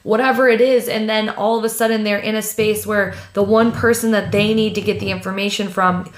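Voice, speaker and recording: A woman's voice: mid-range voice, flat delivery, fairly quick, roomy sound. Chatty woman co-hosting a podcast. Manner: chatty, enthusiastic reactions, laughs often. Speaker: podcast co-host. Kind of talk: casual podcast chat.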